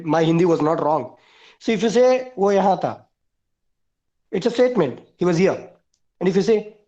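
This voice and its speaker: A man teaching a class over a video call, speaking in a high voice. He counts off his points one by one and repeats the key words for emphasis. The call audio comes through dull and lo-fi. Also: a little mellow. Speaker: English teacher. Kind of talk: online class instruction.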